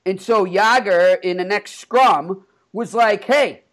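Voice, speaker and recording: A man co-hosting a podcast, telling animated stories about a hockey player with lots of laughter and restarts. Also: high voice, takes it slowly. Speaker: podcast co-host, hockey reporter. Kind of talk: casual storytelling chat.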